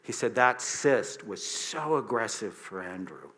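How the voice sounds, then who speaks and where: A man around sixty from the United States, a psychiatrist telling a story in a lecture, acting out the dialogue with lively shifts in pitch and loudness. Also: measured pace. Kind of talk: storytelling talk to an audience.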